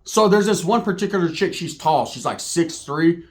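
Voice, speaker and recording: Animated, profane man telling a story. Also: a little high, moderate pace. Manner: profane, animated, acts out quotes. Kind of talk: casual comic storytelling.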